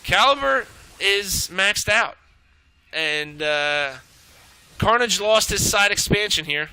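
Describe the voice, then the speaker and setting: Brief: male esports caster, high and very bright voice, excitable, profane play-by-play. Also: clean tone, low-quality recording. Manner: excitable, swearing, rapid reactions. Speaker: esports shoutcaster. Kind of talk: live play-by-play game commentary.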